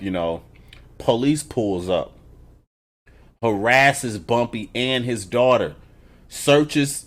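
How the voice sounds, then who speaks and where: Brief: male TV reviewer, profane, animated, casual recap. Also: fairly low pitch. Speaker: TV show reviewer.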